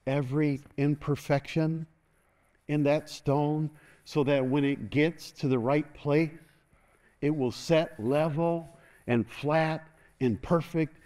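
A man preaching an energetic sermon as pastor in a church, calling for responses and laughing often. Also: medium pitch.

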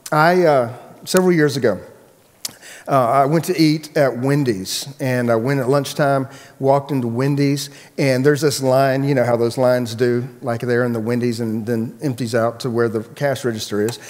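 Casual pastor preaching in an echoey hall. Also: male voice, medium pitch, fairly even intonation, normal speed, a little mellow. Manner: casual storytelling, many restarts. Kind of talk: sermon with personal story.

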